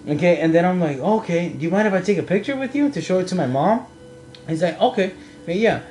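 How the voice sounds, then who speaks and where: Animated high-voiced man telling a story. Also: a little fast, slight background noise. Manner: animated storyteller, acts out quotes. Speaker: podcast co-host. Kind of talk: casual chat.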